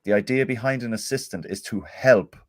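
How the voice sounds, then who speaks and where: A man's voice: mid-range voice, fairly quick, no room sound, clean studio sound. A man co-hosting a casual football podcast, chatting and reading out listener messages. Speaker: podcast co-host.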